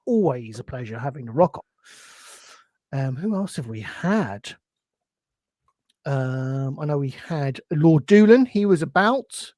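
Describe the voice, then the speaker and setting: A relaxed man co-hosting a podcast and thanking the live chat. His voice moves a lot in pitch and sounds close and dry. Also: no echo. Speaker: podcast co-host. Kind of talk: casual chat.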